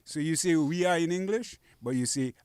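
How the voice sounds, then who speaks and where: A man's voice: a little high, normal speed, a little mellow, clean tone, no room sound, studio quality. A man, casually teaching dialect phrases on a radio show, patiently repeating each phrase. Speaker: guest teaching Kokoy dialect. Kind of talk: casual radio language lesson. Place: radio studio.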